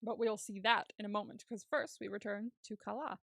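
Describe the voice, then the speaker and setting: Here the podcast co-host is a woman with a gravelly, medium-pitched voice who talks fairly quickly. She recaps a TV episode in a casual, animated way, performing the characters' lines and laughing a lot, all captured in clean studio sound without echo.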